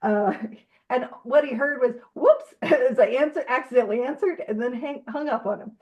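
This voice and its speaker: A woman co-hosts an online recovery book study, chatting in an upbeat, jokey way and laughing often in this casual online meeting. Her voice is high-pitched yet darkish in tone, at a moderate pace.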